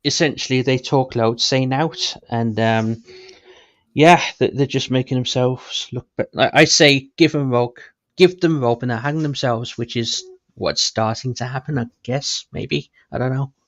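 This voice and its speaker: A man's voice: mid-range voice, measured pace, a bit bright, no echo. A man chatting casually, hesitant and blunt, with many restarts. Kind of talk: casual stream chat. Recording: dull dry lo-fi mic.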